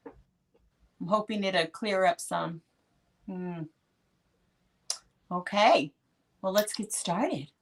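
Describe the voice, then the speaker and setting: A woman hosting a casual live video-call chat show, bubbly and quick with laughs and asides. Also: medium pitch. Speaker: host.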